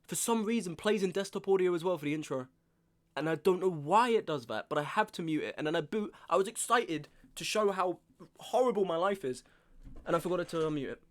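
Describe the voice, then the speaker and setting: A man in his twenties chatting casually on a live stream, exasperated, ranting and often repeating himself. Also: on the high side. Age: 20s. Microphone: webcam setup at home.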